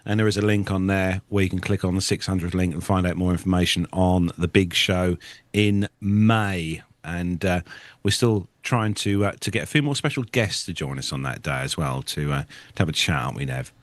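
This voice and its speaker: A man's voice: sits low, normal speed, dry recording. A man hosting a casual podcast, chatty and genial, thanking each guest in turn. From United Kingdom. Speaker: podcast host. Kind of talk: casual podcast chat and sign-off.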